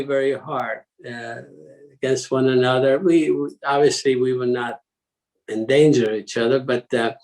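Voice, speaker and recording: A man's voice: mid-range voice, darkish tone, low-quality recording. A man, a guest telling rambling anecdotes with chuckles and many restarts. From Italy. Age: 80s. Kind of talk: casual anecdotal storytelling.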